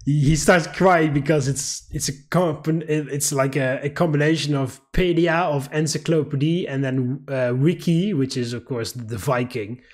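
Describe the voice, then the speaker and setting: A man reading a visual novel aloud and commenting, animated, laughing often and rambling in asides. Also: fairly high pitch, moderate pace, hardly any pauses. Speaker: gameplay commentator.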